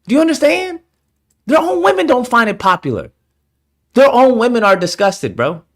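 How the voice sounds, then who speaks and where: A man ranting as an online commentator, heated and exasperated, swearing freely as he argues. His pitch swings widely from line to line, rising into disbelieving questions. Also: very animated, moderate pace, fairly bright tone.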